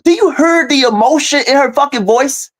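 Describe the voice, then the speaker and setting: A man speaking as a guest over a video call, telling his story in an animated, profane way, dropping to low mutters and jumping to high exclaims. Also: normal speed.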